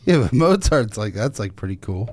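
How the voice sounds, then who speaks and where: A man with a lowish voice co-hosts a casual podcast, dropping dry, teasing one-liners. His intonation swings a lot between flat mutters and lifted questions. A faint background noise sits under his voice. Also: moderate pace. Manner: dry teasing, deadpan jokes. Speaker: podcast co-host. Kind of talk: casual comedic chat.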